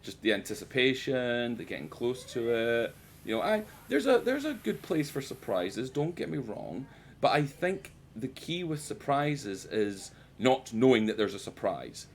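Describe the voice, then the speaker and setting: A man's voice: mid-range voice, big pitch swings, unhurried, a little hiss or hum. A man streaming a game and chatting casually, swearing freely and poking fun at himself. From United Kingdom. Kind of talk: casual live-stream chat while gaming.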